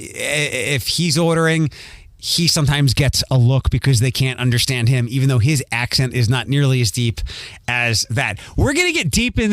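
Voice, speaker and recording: A man's voice: mid-range voice, no echo. A man hosting a podcast, chatting in a rambling, self-aware way with a faint Philadelphia accent. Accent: Philadelphia, mostly trained out. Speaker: podcast host. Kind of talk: casual podcast monologue.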